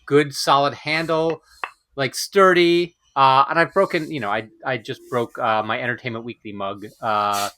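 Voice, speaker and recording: Bright-voiced man chatting casually. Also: mid-range voice, fairly even intonation. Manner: rambling, halting with fillers. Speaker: podcast co-host. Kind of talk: casual chat.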